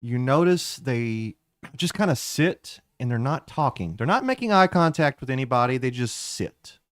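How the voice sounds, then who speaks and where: A man's voice: medium pitch, big pitch swings, moderate pace, no room sound, studio quality. A man narrating a tabletop game as game master, in a playful, rambling way.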